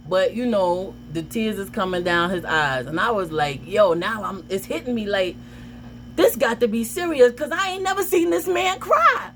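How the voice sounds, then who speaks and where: Woman, storytime vlog, casual, animated, pitch swinging widely, faint noise behind. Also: moderate pace. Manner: animated, dramatic retelling with outbursts. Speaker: vlogger telling a story.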